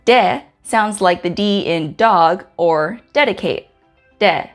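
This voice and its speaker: A woman from Guam hosting a pronunciation lesson, saying each letter slowly and carefully with example words. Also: mid-range voice. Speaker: host teaching the Chamorro alphabet. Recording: faint music in the background.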